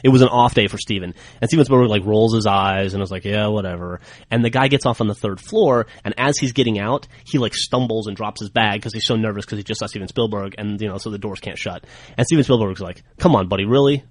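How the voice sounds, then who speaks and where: Fast-talking man telling a story. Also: lowish voice, no echo. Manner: animated storyteller, quick and chatty. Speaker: podcast host. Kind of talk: casual chat, storytelling.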